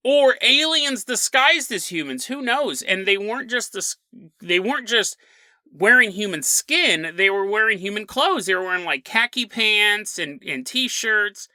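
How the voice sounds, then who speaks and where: A man hosting a podcast, telling a strange story in a chatty, animated way. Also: high voice, unhurried, no room sound. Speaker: podcast host. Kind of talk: casual solo podcast monologue.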